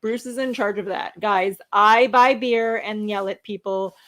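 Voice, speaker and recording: A woman's voice: mid-range voice, steady tone, a little slow, fairly bright tone. A woman in her thirties co-hosting a casual livestream, teasing and rambling as she reads out viewer names, heard through a webcam. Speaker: co-host of a livestream show.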